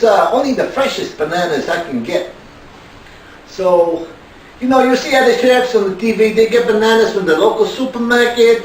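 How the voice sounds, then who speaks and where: A man's voice: high voice, slight background noise, natural voice. A man playing a foul-mouthed, boastful male chef in a comedy sketch, recorded from far off in an echoey room. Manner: profane, swaggering brag.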